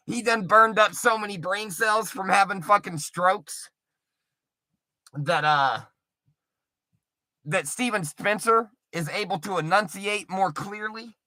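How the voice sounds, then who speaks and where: A man's voice: high-pitched, slow, long pauses, pushed and bright, no room sound. A middle-aged man, a livestreamer, ranting in a rambling, profane and mocking way at his audience.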